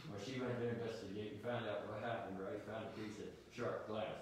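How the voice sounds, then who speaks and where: Middle-aged pastor preaching in an echoey church. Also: male voice, on the low side, fairly even intonation, fairly quick. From United States. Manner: earnest preaching with rhetorical questions and frequent restarts. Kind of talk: sermon. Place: church sanctuary. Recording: echoey church hall, distant mic, faint noise.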